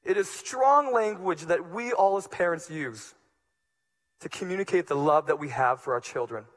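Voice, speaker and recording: A man preaching a sermon as pastor, moving between hushed, low passages and loud, emphatic ones. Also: lively intonation, normal speed.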